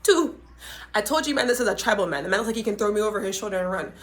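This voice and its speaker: A young adult woman hosting a podcast, retelling a story in a dramatic, animated way with frequent asides to her listeners. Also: mid-range voice, very fast. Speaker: podcast host. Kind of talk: casual storytelling.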